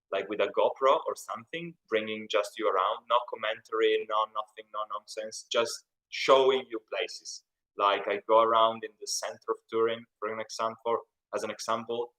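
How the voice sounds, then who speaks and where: A young Italian YouTube host with an Italian accent runs a casual live stream Q&A, rambling chattily and reading out comments from the chat. His voice is on the low side with a sharp tone, and the recording is rough.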